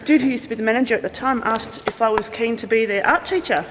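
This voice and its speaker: A woman's voice: fairly high pitch, fast talker, big-room sound. A woman, a graffiti artist and art teacher, chatting casually in an interview, rambling and laughing often. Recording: noisy on-location recording.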